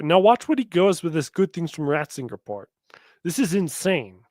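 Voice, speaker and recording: A man hosts a podcast and mocks the clips he plays with quick sarcastic asides. His pitch jumps around a lot. The sound is dry and close. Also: very animated, darkish tone, dry recording. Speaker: podcast host. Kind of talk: sarcastic commentary on played clips.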